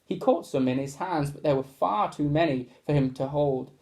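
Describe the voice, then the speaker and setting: A man reading a children's storybook aloud in a lively way, adding sound effects as he goes. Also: on the high side, moderate pace, creaky.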